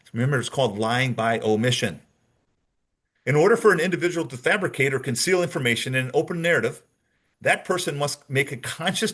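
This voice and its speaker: A man's voice: mid-range voice, fairly bright tone, breathy edge. A man teaching a lecture on detecting deception, explaining step by step, repeating key points and acting out sample answers. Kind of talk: training lecture.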